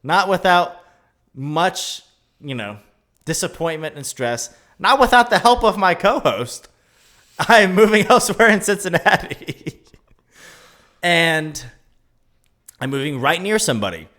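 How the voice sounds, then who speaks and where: A man co-hosting a casual podcast chat, talking in an animated, ranting way and laughing often. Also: high-pitched, measured pace, pauses often. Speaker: podcast co-host.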